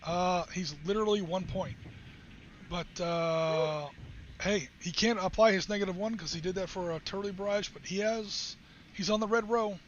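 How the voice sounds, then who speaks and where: Brief: man, high-pitched, chatty host walking players through rules; dull audio with faint hiss. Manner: chatty, joking, quick rule explanations. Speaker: wargame stream host. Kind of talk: casual chat while explaining game rules.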